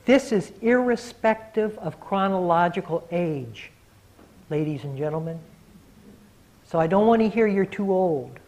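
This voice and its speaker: A man who is a meditation teacher, giving a reflective, earnest dharma talk to a group and slowing down to stress key words. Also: sits high, animated, darkish tone, rough recording.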